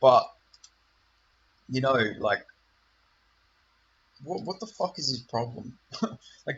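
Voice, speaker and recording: A man's voice: mid-range voice, lively intonation, slow pace, long pauses, a bit bright, slight background noise. A man hosting his own channel, ranting with heavy swearing and rambling asides. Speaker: channel host. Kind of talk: profane rant to camera. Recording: dull lo-fi recording.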